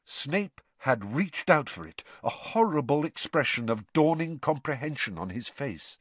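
A man narrating a novel as an audiobook, in an expressive, dramatic storytelling way, recorded in a studio. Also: mid-range voice, moderate pace, dry recording.

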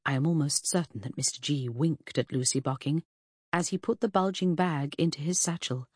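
A woman narrating a first-person audiobook in a measured, expressive way. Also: deep voice, breathy edge, no echo, studio quality.

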